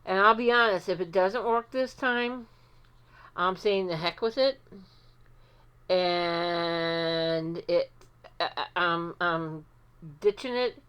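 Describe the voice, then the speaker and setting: A woman's voice: lowish voice, slow, pauses often, fairly bright tone, clean tone. A woman hosting her own art vlog, chatting casually and poking fun at herself, with plenty of fillers as she sets up at her desk. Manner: self-deprecating, chatty with many fillers. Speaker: art channel host.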